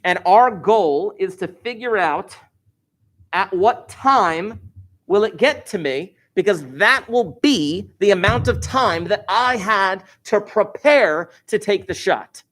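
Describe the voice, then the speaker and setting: A man's voice: sits high, expressive, slow, fairly bright tone. A man teaching a math lesson to a class, explaining step by step with wry, joking asides.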